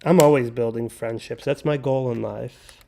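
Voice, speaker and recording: Guy rambling on his stream while building bricks, kinda gravelly, jokey. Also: mid-range voice, steady tone, normal speed, dark tone. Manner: rambling, joking, talks while handling pieces. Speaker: livestream host. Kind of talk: casual livestream chat while building.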